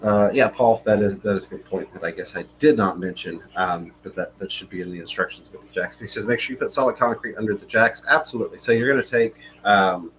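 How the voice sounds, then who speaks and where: Low-voiced relaxed man chatting on a livestream. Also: fast talker, hardly any pauses, a little hiss or hum, rough recording. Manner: relaxed, reads viewer comments aloud, many fillers. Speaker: livestream co-host. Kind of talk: casual live-stream chat.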